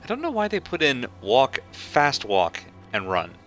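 A man's voice: mid-range voice, huge pitch swings, unhurried, a bit bright, soft background music. A man streaming a video game, chatting casually and joking at the characters as he plays. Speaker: gaming streamer. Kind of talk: casual let's-play commentary.

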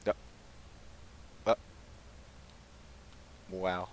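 A man's voice: very slow, a little hiss or hum, poor audio. A young man giving casual, sarcastic commentary while playing a shooter game, often exasperated and mocking himself. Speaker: gaming commentator.

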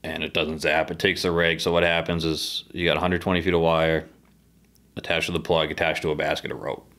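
Low-voiced man telling a fishing story. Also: a little fast. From northeastern United States. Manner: swears freely, animated retelling. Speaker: podcast guest, harpoon fisherman. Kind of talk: casual storytelling over beers.

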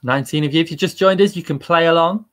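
A man's voice: a little high, fast, a bit bright. A man hosting a live-streamed quiz, upbeat and chatty and laughing at himself. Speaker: quiz host.

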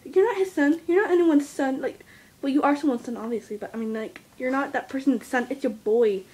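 A chatty, giggly female vlogger talking straight to the camera. Her voice sits high, and she tips into mock drama now and then. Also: a little fast, darkish tone, breathy edge. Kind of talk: casual vlog chat.

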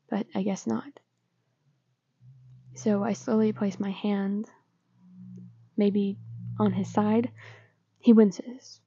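Slow, hushed woman reading a story. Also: medium pitch, breathy edge, no room sound, lo-fi sound. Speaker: story reader. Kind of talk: soft, partly whispered story narration.

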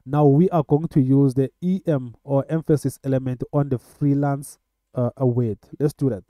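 A man teaching web coding in a screen-recorded tutorial, talking in a halting way with many filler sounds. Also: mid-range voice, steady tone, mellow, no room sound. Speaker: coding instructor.

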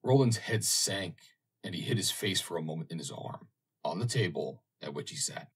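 A man reading an audiobook, narrating in a measured, expressive way. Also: low-pitched, slightly rough.

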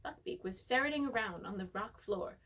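A woman's voice: medium pitch, lively intonation, brisk, a bit bright, far from the mic, poor audio. A young woman reading book passages aloud at home, breaking off for playful, chatty asides. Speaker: pet vlogger reading aloud. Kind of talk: casual chat and book reading. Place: home room with pets.

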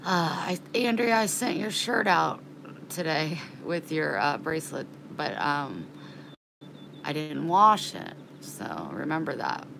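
A woman's voice: low voice, animated, slow pace, vocal fry, background noise. A woman chatting in a casual vlog, rambling and frank, getting worked up and indignant, with casual swearing. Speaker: vlogger.

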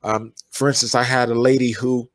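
A man who works as an energy healer, telling long stories in a relaxed interview with many fillers and restarts. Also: medium pitch, moderate pace, no echo.

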